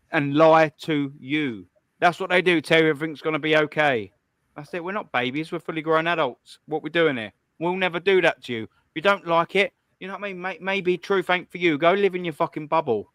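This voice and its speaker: Young male streamer, combative and sweary, higher voice, close dry delivery. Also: a bit bright, dry recording. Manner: blunt, profane and combative. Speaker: live stream host. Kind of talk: ranting call-in stream commentary.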